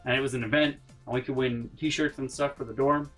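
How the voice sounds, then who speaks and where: An animated young man tells stories straight to camera in a casual vlog, jumping into little voices and sound effects as he goes. His pitch sits right in the middle for a man, and faint music plays quietly beneath him. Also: fairly quick. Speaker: vlogger telling college stories.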